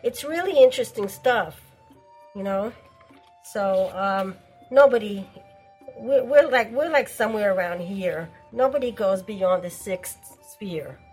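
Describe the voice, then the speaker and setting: A woman's voice: medium pitch, lively intonation, unhurried, a little mellow, breathy edge, soft background music, poor audio. A woman co-hosting a casual podcast, talking in a blunt, emphatic way. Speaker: podcast co-host. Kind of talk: casual chat.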